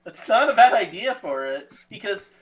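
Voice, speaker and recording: A man's voice: high voice, very animated, normal speed. A man co-hosting a casual podcast, agreeing in an easy, slightly hesitant way.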